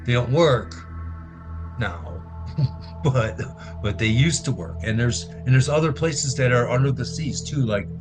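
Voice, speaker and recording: A man speaks as a podcast guest over a video call, describing a personal experience in a halting, hesitant way. He repeats words and lets his thoughts trail off. Music plays clearly in the background. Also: mid-range voice. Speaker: interview guest.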